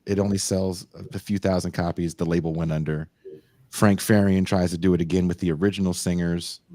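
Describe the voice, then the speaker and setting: A male podcast host telling a long story in a loose, profane, animated way. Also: sits low, dry recording, studio quality. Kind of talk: casual storytelling chat.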